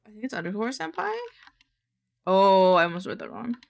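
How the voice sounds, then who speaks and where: A woman streamer chatting casually, excitable and gushing, swearing and muttering to herself. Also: mid-range voice, fairly quick, vocal fry. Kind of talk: casual live-stream chat.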